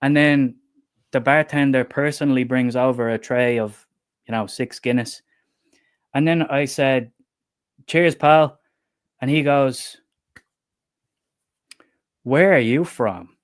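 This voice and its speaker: A man's voice: mid-range voice, slow, pauses often, clean tone. Irish guy from dublin, livestream chat, lots of laughing, swears a bit. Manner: lively storytelling, laughs often, swears casually. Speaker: book channel co-host.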